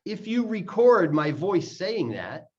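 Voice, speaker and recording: Man, slow measured teaching voice, slightly high pitch, muffled lo-fi sound. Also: big pitch swings, a little mellow. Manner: repeats words slowly to demonstrate sounds. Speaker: English pronunciation teacher. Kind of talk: explaining lesson, slow and deliberate. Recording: dull lo-fi audio.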